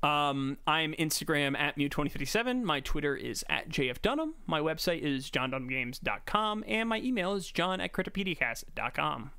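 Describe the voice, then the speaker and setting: A man co-hosting a casual podcast, his voice bright and crisp. He rambles with fillers and restarts, and the sound is dry and close to the mic. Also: fairly high pitch, very animated, moderate pace, hardly any pauses, no room sound. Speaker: podcast co-host.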